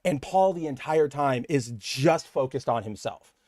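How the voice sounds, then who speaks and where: A man's voice: medium pitch, expressive, measured pace, darkish tone, dry recording, studio quality. A young man co-hosting a casual comic book podcast, talking in long rambling stretches and acting out characters' lines. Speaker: podcast co-host.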